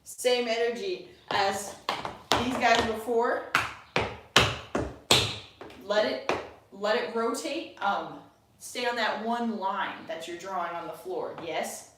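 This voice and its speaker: A woman's voice: medium pitch, slow pace, pauses often, heavy background noise. A woman teaching an online tap dance class from home, chatty, counting beats aloud and often checking in with her students. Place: home room by a window, birds outside. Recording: echoey room, distant mic, loud tapping. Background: tap sounds and birdsong.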